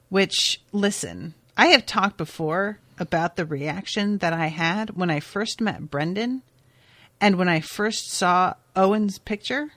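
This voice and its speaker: A woman podcast host casually recapping a TV episode, chatty and expressive, swearing now and then. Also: on the low side, unhurried, dry recording.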